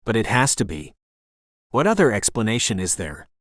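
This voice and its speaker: A man's voice: fairly low pitch, huge pitch swings, moderate pace, dry recording, clean studio sound. A man voicing a hurt, strong-willed young woman in an audiobook, sounding frustrated and pleading. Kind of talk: audiobook character reading.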